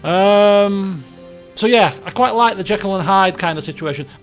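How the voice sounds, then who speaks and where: A man's voice: sits high, normal speed, soft background music. A young adult man streaming a game, chatting and musing aloud in a jokey, casual way.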